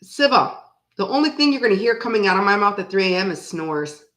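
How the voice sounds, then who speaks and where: A woman in her forties chats casually with her viewers as she hosts a card reading stream. She rambles from one story to the next and breaks into laughter often. Her voice sits at an ordinary middle pitch and rings in a roomy, echoey space. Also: expressive, fairly quick, fairly bright tone. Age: 40s. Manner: rambling, laughs often while telling stories. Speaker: tarot reading host. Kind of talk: casual livestream chat with viewers. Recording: roomy echo.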